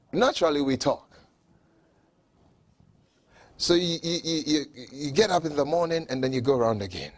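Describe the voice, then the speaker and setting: A man preaching a sermon who acts out mocking onlookers and builds up to fervent shouting. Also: fairly high pitch, big pitch swings, fast talker, few pauses.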